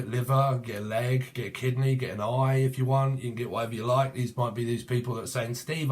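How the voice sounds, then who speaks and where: A middle-aged man talks straight to camera through a tarot reading. He hops from one loose word association to the next, swears casually and laughs at his own jokes. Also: mid-range voice. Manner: swears freely, jumps between word associations, laughs at himself. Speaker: tarot reader.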